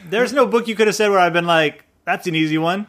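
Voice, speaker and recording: A man co-hosting a podcast in a studio, giving quick, joking replies. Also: sits high, fairly bright tone. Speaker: podcast co-host. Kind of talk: casual podcast chat.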